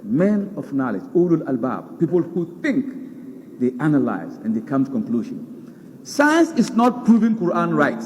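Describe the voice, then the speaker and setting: Male preacher, high voice, lively swinging pitch, emphatic, long hall reverb. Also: measured pace, slight background noise. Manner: emphatic, repeats words for stress. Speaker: Islamic preacher. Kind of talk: sermon lecture.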